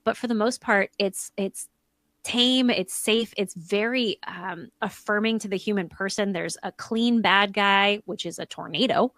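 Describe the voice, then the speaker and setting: A woman in her thirties reviewing films in a casual, enthusiastic chat, full of quick asides. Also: medium pitch, a bit bright, dry recording. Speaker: film reviewer guest.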